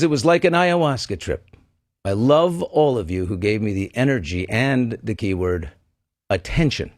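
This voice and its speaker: A middle-aged man hosting a podcast, telling a timeline in a conversational way with quick asides. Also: mid-range voice, no echo, clean studio sound. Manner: animated storyteller, walks through a timeline with asides. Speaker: podcast host. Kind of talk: conversational commentary.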